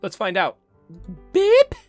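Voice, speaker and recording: A man hosting a gaming channel, giving excitable, goofy let's-play commentary full of exclamations and silly noises. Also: high-pitched, takes it slowly, no room sound, soft background music.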